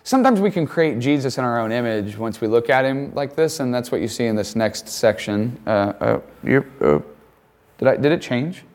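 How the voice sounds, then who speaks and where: A man teaching a Bible lesson, reading passages aloud and acting out quoted lines with animated voices. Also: medium pitch, normal speed.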